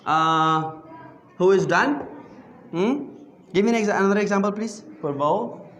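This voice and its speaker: High-voiced man teaching grammar, echoey. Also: expressive, moderate pace, fairly bright tone, slight background noise. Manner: questioning, repeats phrases and asks the class to answer back. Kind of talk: classroom grammar lesson. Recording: echoey room.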